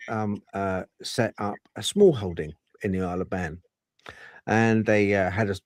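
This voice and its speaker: A man's voice: mid-range voice, darkish tone, dry recording. A man hosting a podcast, telling a story in a casual, rambling way with many fillers and restarts. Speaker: podcast host.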